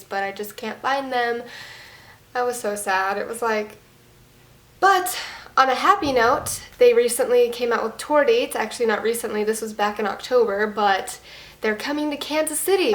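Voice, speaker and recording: A woman's voice: fairly high pitch, fairly bright tone. Young woman, vlogger, casual storytime, chatty with fillers, echoey room.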